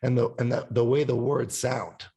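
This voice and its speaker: A male musician chatting casually on a podcast with a gravelly, creaky edge to his voice. He rambles, swears freely and hums or sings little bits to make his point. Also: medium pitch, fairly even intonation, moderate pace, mellow. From Italian family background. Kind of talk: casual chat.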